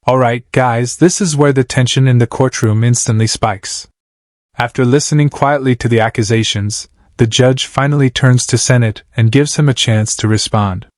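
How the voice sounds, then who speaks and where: A man's voice: mid-range voice, moderate pace, darkish tone, no echo, studio quality. A man narrating a court case video in a dramatic, suspense-building tone. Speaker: host and narrator. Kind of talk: scripted narration.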